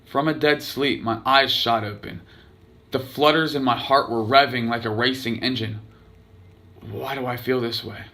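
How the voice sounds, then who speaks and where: Bright-voiced man reading his own story. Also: mid-range voice. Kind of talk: reading a personal story aloud.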